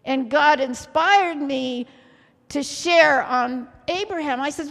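A woman's voice: sits high, slow, fairly bright tone. A woman preaching a sermon, asking the congregation questions often and keeping them involved. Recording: long hall reverb.

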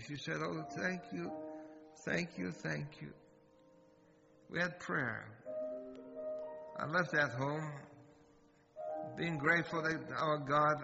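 Pastor guy telling a story in his sermon, kinda high voice, echoey hall, muffled sound, guitar behind him. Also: creaky. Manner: storytelling, asks the listeners questions. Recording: long hall reverb, dull sound, guitar music behind. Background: guitar music.

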